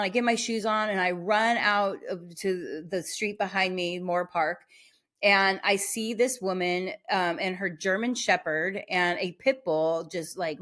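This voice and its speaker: A woman hosting a podcast, telling a personal story in a rambling, animated way, full of restarts and filler words. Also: mid-range voice. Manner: animated, acts out the voices in her story. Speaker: podcast host.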